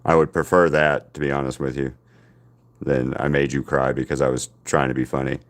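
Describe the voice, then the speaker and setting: A man casually chatting to live-stream viewers while he paints, rambling and self-deprecating, talking to his chat between pauses. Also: very deep voice, level tone.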